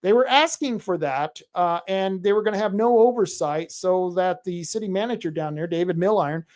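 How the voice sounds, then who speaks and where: A man's voice: sits high, expressive, moderate pace, few pauses, a little mellow. A man hosting a talk show, giving a sarcastic, crude, ranting commentary monologue.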